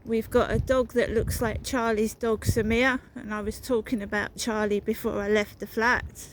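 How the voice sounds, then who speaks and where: A woman's voice: fairly high pitch, flat delivery, moderate pace, a little hiss or hum, rough recording. A woman narrating a walking vlog outdoors, talking in a rambling, repetitive, suspicious way. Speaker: vlogger. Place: outdoors, walking through a town.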